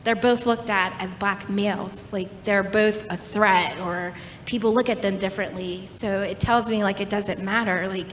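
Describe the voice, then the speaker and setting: A young woman sharing her own experiences in a casual, relaxed way, with lots of "like"s. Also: moderate pace, hardly any pauses. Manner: relaxed, filler-heavy talk with many "like"s. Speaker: panel speaker. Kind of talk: casual personal testimony. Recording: echoey hall with faint rumble.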